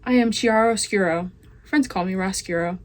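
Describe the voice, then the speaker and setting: A teenage girl reading aloud, voicing a smooth-talking, overly polite male rat villain in a storybook. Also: medium pitch, moderate pace, natural voice. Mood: smooth, scheming. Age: teens. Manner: silky, overly polite and formal.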